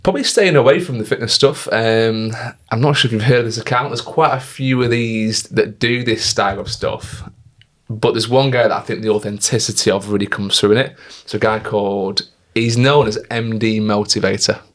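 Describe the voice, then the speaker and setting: Chatty man, lowish voice. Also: brisk, a bit bright. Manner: chatty storyteller, acts out quoted voices. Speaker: podcast co-host. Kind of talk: casual chat.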